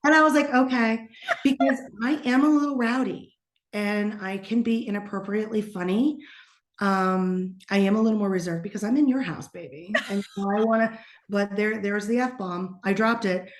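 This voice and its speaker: A woman's voice: medium pitch, normal speed. Sassy, blunt woman medium in an echoey room. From eastern United States. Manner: sassy and blunt, drops into hushed whispers when quoting. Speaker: psychic medium guest. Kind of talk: casual podcast conversation.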